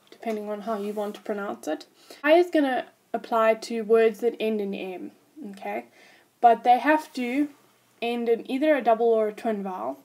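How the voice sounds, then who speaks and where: A woman's voice: a little high, darkish tone. A woman teaching a language lesson, patiently explaining grammar rules and spelling words out letter by letter.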